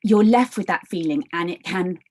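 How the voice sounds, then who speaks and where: A woman in her thirties, a guest in an interview, talking in an animated, halting way with many restarts and fillers. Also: fairly low pitch, low-quality recording. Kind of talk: conversational interview.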